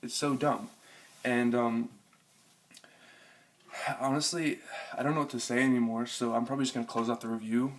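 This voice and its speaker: A man's voice: mid-range voice, fairly even intonation, brisk, pauses often, slight background noise. A young man giving a frustrated, profane rant reviewing a TV episode, with lots of fillers. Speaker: TV review vlogger. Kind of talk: casual ranting review.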